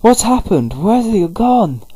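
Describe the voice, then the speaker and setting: A man putting on chirpy, high-pitched voices for cartoonish game characters he quotes. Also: very animated, slow, dark tone, husky, dry recording, heavily acted. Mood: surprised.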